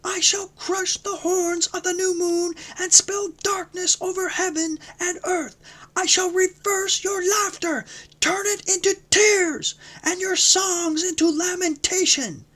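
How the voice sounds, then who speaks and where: A man voicing a wild, hoarse male desert prophet who shouts fiercely. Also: extremely high pitch, fairly even intonation, takes it slowly, voice pushed up, heavily acted. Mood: fierce ranting.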